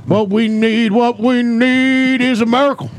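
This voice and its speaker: A man voicing a fiery, crude male preacher who belts out revival calls and drawn-out cries. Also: very high-pitched, fairly even intonation, pitched above the performer's own voice. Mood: preaching.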